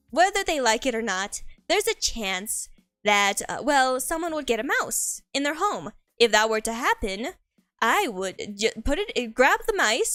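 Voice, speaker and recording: A woman's voice: high voice, a bit bright, no room sound, studio quality. A young woman streamer in casual chat, rambling playfully and laughing often.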